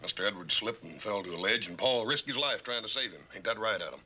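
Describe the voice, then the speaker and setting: An actor playing a big-hearted ranch son with folksy country speech in a 1960s television western. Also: male voice, lowish voice, lively intonation, fast, sharp tone, breathy edge, heavily acted.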